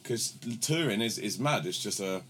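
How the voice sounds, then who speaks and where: Young male podcast host, low-voiced, rambling, sweary storyteller. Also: expressive, normal speed, a bit bright, a little hiss or hum. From London, England. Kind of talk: casual banter.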